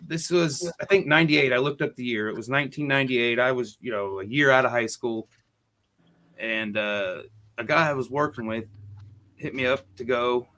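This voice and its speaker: Male podcast co-host, forties, mid-pitched, rambling profane storyteller. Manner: rambling, profane, animated quoting. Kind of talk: casual storytelling.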